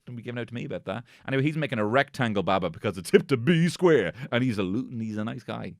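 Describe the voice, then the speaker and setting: Animated sweary podcast host. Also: male voice, medium pitch, quick pace, no echo, clean studio sound. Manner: sweary, rambling, jokey, bursts into silly voices. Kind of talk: solo comedic recap podcast.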